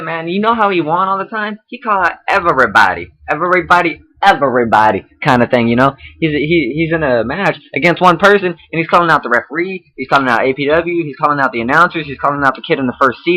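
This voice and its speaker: Bright, forceful man rambling critique. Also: medium pitch, poor audio. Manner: rambling, loose and profane, with frequent restarts. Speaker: reviewer giving feedback on written promos. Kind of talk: casual spoken critique.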